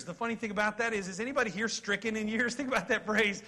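A man in his forties preaching a sermon, reading scripture aloud and joking in a folksy, animated way with his congregation. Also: sits high, fast talker. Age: 40s. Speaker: pastor.

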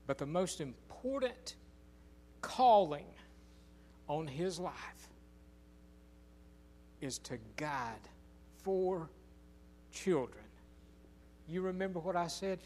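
Slow, folksy older preacher. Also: male voice, fairly high pitch, a little mellow, a little hiss or hum. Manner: folksy storytelling with emphatic, drawn-out phrases. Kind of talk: sermon.

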